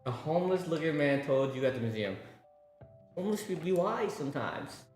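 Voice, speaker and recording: High lively-voiced rambling male streamer. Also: a little fast. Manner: rambling, profane, laughing storyteller. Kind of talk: casual livestream chat. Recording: roomy room with faint music.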